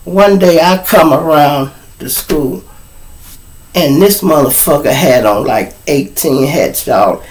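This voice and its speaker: A middle-aged man, hosting his show and telling a profane, animated story straight to his audience. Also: on the high side, gravelly. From Chicago. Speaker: show host. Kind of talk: storytelling monologue.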